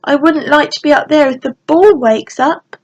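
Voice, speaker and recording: A woman's voice: high-pitched, moderate pace, a little mellow, dull audio, pitched above the performer's own voice, close to an everyday voice. A sweet playful fairy girl, read by a woman. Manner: whispering, sweet.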